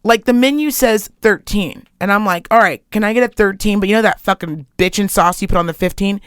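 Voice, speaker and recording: A woman's voice: medium pitch, brisk, smooth, no echo, clean studio sound. A woman co-hosting a podcast, telling stories in a casual, chatty way and swearing freely. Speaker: podcast co-host. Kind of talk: casual chat.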